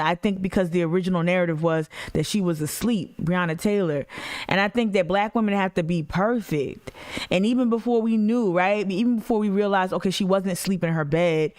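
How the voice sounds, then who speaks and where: A woman's voice: fairly low pitch, clear, resonant tone. A woman hosting a casual livestream, blunt and emphatic, slangy, and talking straight to her chat. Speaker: activist livestream host.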